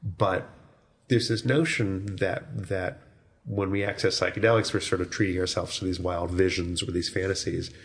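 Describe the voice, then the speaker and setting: Low-voiced guy, author on a podcast, thinks out loud and rephrases a lot. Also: steady tone, normal speed. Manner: thoughtful, searching phrasing with self-corrections. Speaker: guest author. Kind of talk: reflective interview talk.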